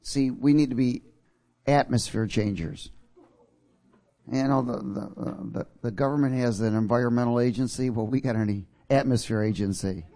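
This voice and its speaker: A man's voice: medium pitch, normal speed, warm tone. A male pastor preaching a sermon, calling out to his congregation and chuckling at his own jokes.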